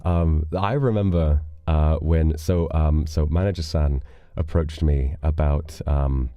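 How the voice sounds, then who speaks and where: Taking it slowly in a very deep voice, a British livestream host reads donations and thanks viewers in relaxed, playful casual chat full of dramatic flourishes. The recording is dry and lo-fi.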